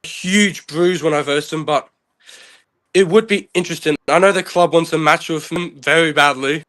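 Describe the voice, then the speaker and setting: A man's voice: fairly high pitch, moderate pace, a bit bright. A young man, an arm wrestler guest, talking in a rambling, casual, self-deprecating way. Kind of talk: casual chat.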